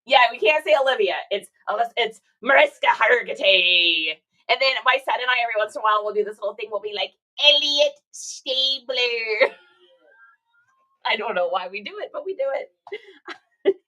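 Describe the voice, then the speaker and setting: A woman's voice: fairly high pitch, animated, fast talker, sharp tone, low-quality recording. A woman chatting casually on a livestream while packing orders, reading viewer comments aloud and laughing often. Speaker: reseller streaming live.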